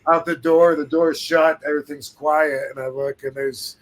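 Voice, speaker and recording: A man's voice: a little high, flat delivery, moderate pace. A man hosting a podcast, telling a story in a laid-back, casual way, swearing freely and laughing now and then. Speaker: podcast host.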